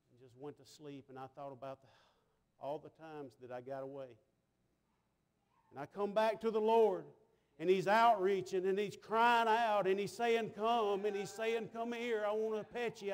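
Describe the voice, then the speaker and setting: A man preaching a sermon in a church, folksy and telling stories, his voice dropping to a hush and rising loud. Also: sits high. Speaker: pastor. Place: church sanctuary.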